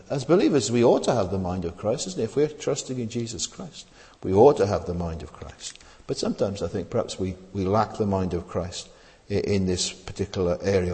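A man's voice: mid-range voice, darkish tone. A man preaching a sermon, earnest and questioning, with many "uh" fillers. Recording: long hall reverb.

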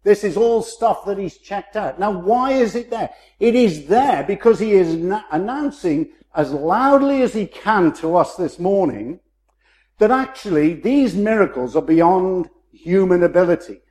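A man preaching a sermon in a measured, emphatic way, slowing down to stress key phrases. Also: high voice, expressive, darkish tone.

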